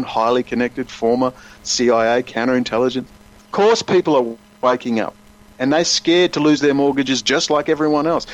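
A man speaking as a guest in an emphatic, rambling conversational style, often slipping into quoted voices. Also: medium pitch. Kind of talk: animated conversational commentary. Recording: muffled lo-fi audio.

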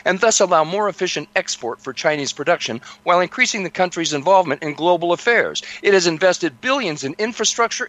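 A man's voice: fairly high pitch, sharp tone, dry recording. A man hosting a political talk show, speaking emphatically and addressing listeners directly as folks. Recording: muffled lo-fi audio.

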